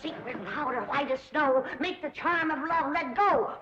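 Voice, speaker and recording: An actress playing a feisty, bossy old hillbilly granny with a rural Southern accent who chants love charms, in a 1960s sitcom. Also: female voice, high voice, normal speed, a crowd in the background, lightly acted. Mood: chanting. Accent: rural Southern American. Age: older. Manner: bossy, folksy, chanting spells. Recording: dull noisy 1960s TV soundtrack.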